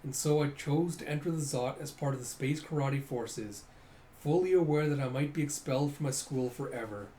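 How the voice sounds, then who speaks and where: A man voicing a proud karate master who now regrets his past, speaking slowly and solemnly. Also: mid-range voice, warm tone, natural voice. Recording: roomy echo, faint noise.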